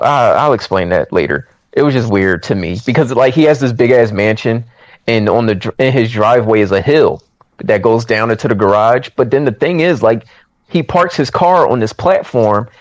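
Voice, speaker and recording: A man retells a movie plot in casual chat, with an animated, storytelling delivery. He acts out the characters' lines as he goes. His voice sits at a middle pitch and is recorded dry and close. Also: brisk, dry recording. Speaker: movie recap podcaster.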